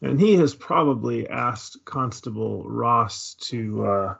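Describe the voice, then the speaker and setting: A man describes his character slowly, pausing on uh after uh. His voice is gravelly and husky. The audio sounds dull and lo-fi. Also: mid-range voice, lively intonation, fairly bright tone. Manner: hesitant, many uh fillers. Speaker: player. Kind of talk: casual tabletop game chat.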